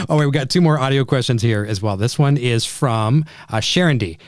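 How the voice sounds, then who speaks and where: A man's voice: medium pitch, no echo. A man hosting a casual video chat show, chatty and affirming, often chiming in with agreement. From Canada. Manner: quick, chatty, affirming with frequent yeahs. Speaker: podcast host.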